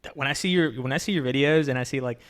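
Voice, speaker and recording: A man's voice: mid-range voice, rapid-fire, a bit bright. A man hosting a podcast in casual chat, rambling with many fillers and restarts. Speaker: podcast host.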